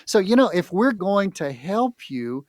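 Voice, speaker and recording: A man with a somewhat higher voice hosts a talk radio show as a financial advisor, telling plain-spoken stories to make his point. The sound is dry and close, as in a radio studio. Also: very animated, unhurried, darkish tone, dry recording. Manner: storytelling, persuasive, plain-spoken. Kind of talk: folksy talk radio conversation.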